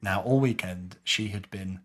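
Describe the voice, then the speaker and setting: A man co-hosting a podcast, telling a story in casual chat and dropping to a low mutter for quoted lines. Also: unhurried. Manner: recounts scenes with low muttered quoted dialogue. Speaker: podcast co-host.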